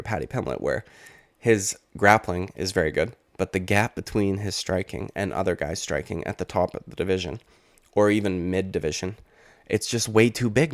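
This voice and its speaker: A man's voice: low voice, animated, normal speed, gravelly, no room sound, clean studio sound. A man in his late twenties giving casual, rambling, profane reaction commentary on fighting news. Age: late 20s. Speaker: MMA YouTuber.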